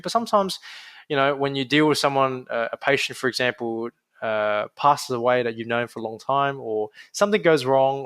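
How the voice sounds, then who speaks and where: A young adult man with an Australian accent appears as a podiatrist guest in a casual, energetic interview, restarting his sentences often. His voice is mid-range and recorded without room sound.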